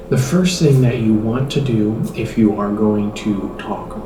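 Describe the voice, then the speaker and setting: A man's voice: fairly low pitch, measured pace, few pauses, background noise. Man mock-lecturing, distant roomy sound. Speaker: host. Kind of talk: mock tutorial. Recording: roomy, distant mic with music.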